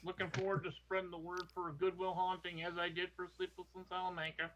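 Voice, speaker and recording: A man with a high, bright voice hosts a podcast over a video call. He talks eagerly and effusively, often saying things twice in his excitement. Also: fast, slight background noise, poor audio. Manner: eager, effusive, repeats himself. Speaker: podcast host. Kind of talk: casual chat on a live video call.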